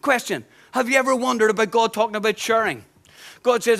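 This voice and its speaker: A pastor preaching with a notably high voice for a man. He is emphatic and conversational, driving points home by repeating phrases. Dry humorous asides are mixed into the sermon. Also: fairly quick, creaky, fairly bright tone.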